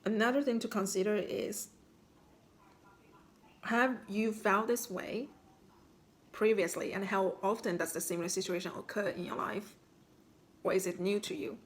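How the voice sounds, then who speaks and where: A woman as a spiritual healing coach, calmly guiding listeners through self-reflection with instructive questions. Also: mid-range voice, normal speed, pauses often, slight background noise. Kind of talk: guided self-reflection talk.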